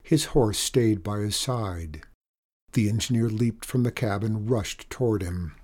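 A man reading a story aloud in an even, measured storytelling manner. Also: fairly low pitch. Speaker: narrator. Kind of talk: audiobook narration.

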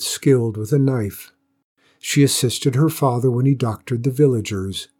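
A man reads a folktale aloud at a measured, gentle pace. His voice is dark and mellow, with a husky grain running through it. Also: mid-range voice. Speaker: narrator. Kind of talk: storybook reading.

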